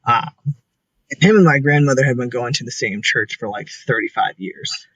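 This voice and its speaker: A man's voice: medium pitch, moderate pace, a bit bright, slightly rough, no echo, poor audio. A young man talking casually and earnestly as an interview guest, full of "like" fillers.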